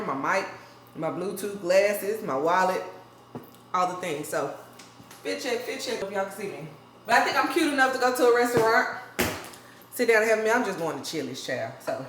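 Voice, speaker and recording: A woman's voice: fairly low pitch, background noise. A woman, chatting casually to her viewers in a vlog, playful and full of slang. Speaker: vlogger. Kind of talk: casual vlog chat to camera.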